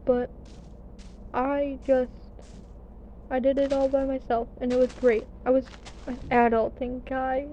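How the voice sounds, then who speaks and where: A young adult gaming vlogger from the United States shares a story over gameplay, chatty and self-mocking, cursing now and then. Her high, mellow voice has little pitch movement, and she speaks unhurriedly with frequent pauses. The recording is muffled, with slight background noise.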